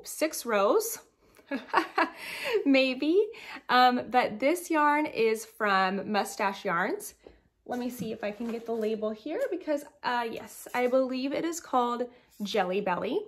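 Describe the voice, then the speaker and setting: A woman's voice: fairly high pitch, animated, slow pace. A woman hosting a knitting podcast, chatting casually and rambling with giggly asides while showing her projects, in a groggy morning voice.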